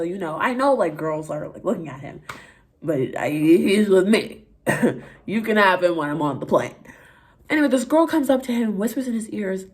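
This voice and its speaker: A young woman from Canada, a vlogger telling a candid, animated story to her camera. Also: mid-range voice, slightly rough. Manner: candid, animated storytelling with swearing and quoted voices. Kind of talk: casual story time.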